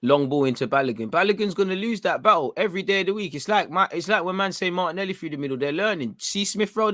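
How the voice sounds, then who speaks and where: Excitable young football fan. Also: male voice, high voice, fast, few pauses, no room sound, clean studio sound. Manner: excitable, urgent, coaching the players. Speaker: fan watchalong host. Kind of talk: live match reaction commentary.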